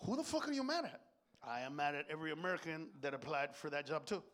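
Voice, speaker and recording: A stand-up comedian who swears constantly and swings between loud outbursts and low muttered asides. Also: male voice, expressive, fast talker. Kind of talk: stand-up routine.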